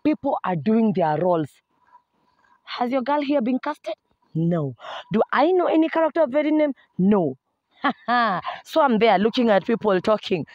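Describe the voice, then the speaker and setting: A young woman with a Kenyan accent telling a humorous personal story to her viewers in an animated way. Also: fairly high pitch, normal speed, no echo, lo-fi sound. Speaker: vlogger. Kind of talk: storytime vlog.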